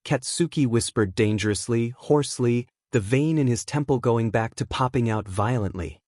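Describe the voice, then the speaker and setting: A man reading fan fiction aloud as narrator, in a steady storytelling manner. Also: mid-range voice, normal speed, hardly any pauses, no echo, clean studio sound.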